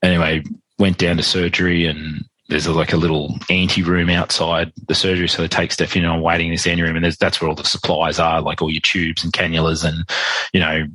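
An Australian man, a podcast guest, telling a personal story in a quick, animated way and acting out what others said. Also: low-pitched, dry recording, low-quality recording. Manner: animated, quick, acts out quoted dialogue. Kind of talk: conversational storytelling.

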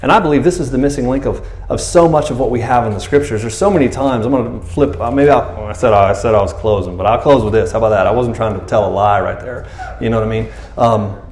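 A man's voice: medium pitch, fast talker, darkish tone, echoey room. A man preaching a casual, conversational sermon, acting out quoted voices as he goes. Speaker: pastor.

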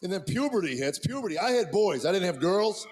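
A man performs a stand-up comedy routine, telling family stories and acting out his relatives' voices. His voice sits high with big pitch swings, brisk and slightly rough, and the clip plays with audible background noise.

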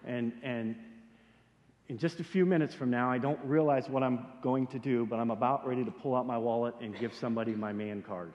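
A middle-aged man preaching and telling a story, animated and self-deprecating as he acts out his own panic. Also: mid-range voice, brisk, dull audio. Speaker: pastor. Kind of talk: sermon storytelling. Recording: hall with long reverb.

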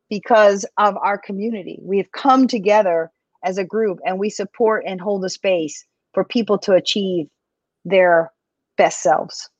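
Woman health coach, chatty and animated, for a live podcast interview; dull, dry lo-fi recording. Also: medium pitch, dry recording. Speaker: health coach and business owner.

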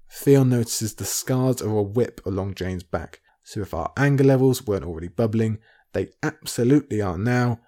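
A man with a lowish, mellow voice gives an earnest chapter-by-chapter book commentary. He talks heartfelt and unscripted, as the show's host. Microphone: phone nearby, talking unscripted.

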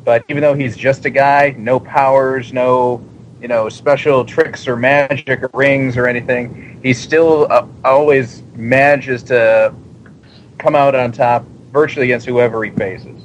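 Measured male panelist on a dull line. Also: mid-range voice, fairly even intonation, a little hiss or hum. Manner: measured, many pauses and fillers. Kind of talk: casual panel chat.

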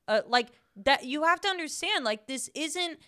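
A woman's voice: sits high, lively intonation, moderate pace, sharp tone. A young woman co-hosting a podcast, ranting bluntly and emphatically, with frequent swearing. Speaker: podcast co-host. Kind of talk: casual chat.

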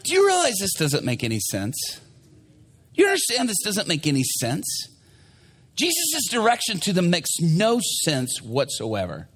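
High, husky, animated preacher man. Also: moderate pace. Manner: animated, theatrical. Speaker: pastor. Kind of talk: sermon storytelling.

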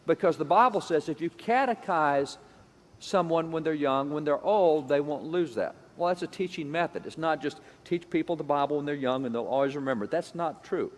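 A man's voice: fairly high pitch, expressive, a little fast. Emphatic man lecturing in a reverberant hall. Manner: emphatic, repetitive, acts out quoted voices. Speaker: speaker on education history. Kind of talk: lecture-style talk.

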